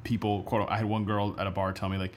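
A man's voice: on the low side, little pitch movement, fast, slight background noise. A man co-hosting a podcast in casual chat, telling loose, rambling stories full of fillers. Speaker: podcast co-host.

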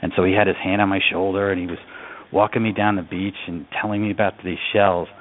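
Deep-voiced man telling a story by phone. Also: little pitch movement, quick pace. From upstate New York. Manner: earnest, reflective storyteller. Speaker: guest. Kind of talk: storytelling in a radio interview. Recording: phone-line audio.

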